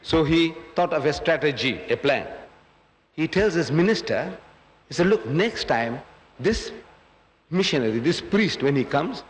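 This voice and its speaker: A man's voice: on the high side, animated, a little slow. A man giving a public lecture, telling a story and acting out its voices. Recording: echoey hall.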